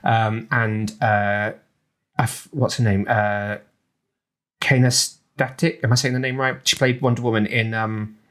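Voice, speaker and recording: English man co-hosting a podcast, slightly low voice, loose and rambling with plenty of fillers. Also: flat delivery, measured pace, a bit bright. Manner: chatty, rambling with many ums and restarts. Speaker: podcast co-host. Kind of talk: casual chat.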